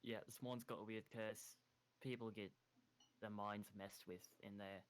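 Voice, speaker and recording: A young man with a fairly low voice chats as a player in an online tabletop game. He sounds laid-back and offhand, tossing out short remarks over a voice call. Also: steady tone, unhurried, clean tone. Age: young adult.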